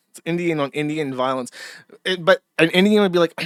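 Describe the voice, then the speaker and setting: A man's voice: on the high side, brisk, a bit bright, smooth, no echo, studio quality. A man hosting a livestream, ranting and swearing in casual commentary. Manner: profane, ranting. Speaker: stream host.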